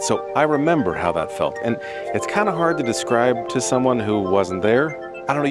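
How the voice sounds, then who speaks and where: A man vlogging casually about working as a DJ, telling stories in a chatty, self-deprecating way. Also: on the low side. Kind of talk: casual vlog talk to camera. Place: in a car and at a wedding venue.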